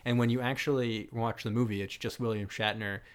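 A man with a slightly low voice chats casually about movies on a podcast. He rambles and gets animated, laughing often between his points. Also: a little fast, clear, resonant tone. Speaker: podcast co-host.

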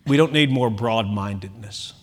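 A man preaching a sermon as pastor, emphatic, with big swings in loudness and chatty asides and self-corrections. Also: on the low side, normal speed, breathy edge.

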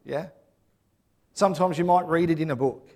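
A man's voice: a little high, moderate pace, vocal fry, a little mellow. A man preaching a sermon in a conversational way, often checking in with the congregation by asking "yeah?".

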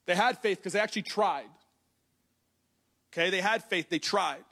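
In a church hall, a pastor speaks directly to his congregation, reading scripture and unpacking it in a conversational way. His voice sits high and sounds bright and forceful, at a moderate pace.

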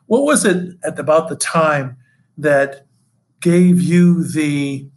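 A man's voice: a little high, slow pace, a little hiss or hum, low-quality recording. Older man recalling old deals. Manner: storytelling, acts out quotes. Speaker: interviewer and former colleague. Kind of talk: reminiscing conversation.

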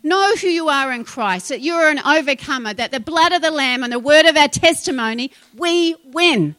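A middle-aged woman preaching a sermon, feisty and emphatic, moving between loud declarations and quiet asides. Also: high-pitched, lively intonation, normal speed, hardly any pauses, dry recording.

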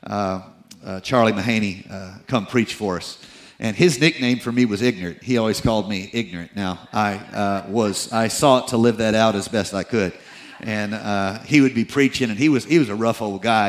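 A middle-aged male pastor preaching a sermon, moving between loud emphatic peaks and low confiding asides, with teasing, self-deprecating humor. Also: rough recording.

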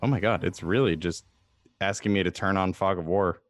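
A man's voice: low voice, a little fast, no room sound, studio quality, soft background music. A man narrating as game master of a tabletop game, in a loose, rambling way with many fillers.

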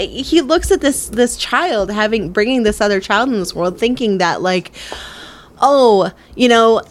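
A woman in her thirties co-hosting a podcast, chatting animatedly about a movie, swearing and restarting her sentences. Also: fairly high pitch. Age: 30s. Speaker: podcast co-host. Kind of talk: casual movie discussion.

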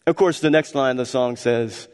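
A man preaching a sermon as pastor, emphatic and repetitive, swinging between loud and hushed. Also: mid-range voice, normal speed. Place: church sanctuary. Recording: church hall reverb.

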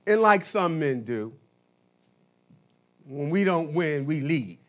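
A male pastor preaching a sermon, telling a story slowly and dramatically, swinging between loud and soft. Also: fairly high pitch, animated. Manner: slow dramatic storytelling with big swings in loudness.

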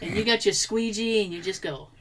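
A woman's voice: medium pitch, a little fast, a crowd in the background. A young woman co-hosting a casual podcast, telling a story with lots of laughter and acted-out quotes. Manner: lively storyteller, laughs often, acts out quotes. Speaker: podcast co-host. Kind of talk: casual chat.

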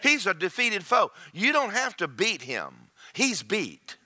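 A man's voice: high-pitched, very animated, slow, bright, forceful tone. A middle-aged man preaching a sermon, joking and acting out quoted voices.

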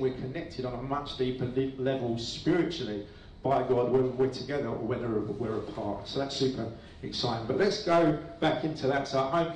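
A man preaching a casual sermon to a live congregation in a church hall, chatty and hesitant with many ums. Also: medium pitch. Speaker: pastor. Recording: echoey hall, voice from far off, faint room noise.

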